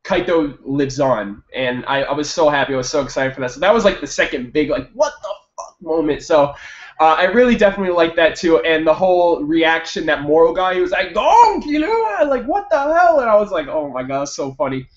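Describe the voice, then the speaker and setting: Hyped young guy ranting about an anime ep, kinda high voice, echoey room, dull lo-fi mic. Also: brisk. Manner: excitable, swears, jumps up loud when hyped. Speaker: anime reviewer. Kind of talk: excited casual review monologue.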